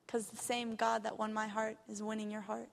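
A woman's voice: fairly high pitch, monotone, moderate pace, gravelly. Earnest young woman preaching in a hall. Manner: earnest, builds to impassioned. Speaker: missionary speaker. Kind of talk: testimony sermon. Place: church hall.

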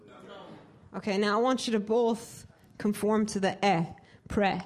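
A woman's voice: mid-range voice, fairly even intonation, a little slow. A woman who directs a choir, teaching a live group how to sing vowels, asking questions and singing short demonstrations. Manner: interactive, asks the group questions.

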